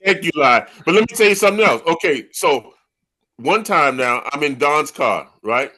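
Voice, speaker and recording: An older man with a high, bright, ringing voice, spinning rowdy locker-room stories with old teammates. He swears freely and keeps tagging "man" and "right?" onto his lines, in a loose, animated chat. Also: moderate pace. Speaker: host. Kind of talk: casual storytelling among old teammates.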